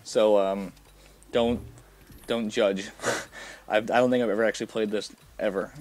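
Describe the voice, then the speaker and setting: A man's voice: fairly low pitch, fairly even intonation, measured pace, darkish tone. A young man giving casual, rambling commentary over a video game, full of fillers and restarts. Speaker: gameplay commentator.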